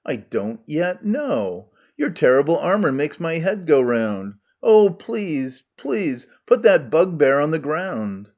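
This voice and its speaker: A man's voice: a little high, sing-song, slow pace, hardly any pauses, darkish tone, highs cut off, heavily acted. A man voicing a wily, defiant male Athenian farmer who declaims his case in rhyming verse. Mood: cowering.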